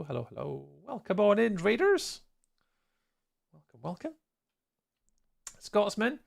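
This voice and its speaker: A man's voice: on the high side, creaky, a bit bright, no echo, studio quality. A man hosting a live stream, chatting casually and rambling while he builds and greets viewers, tired and yawning. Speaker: livestreamer and server host.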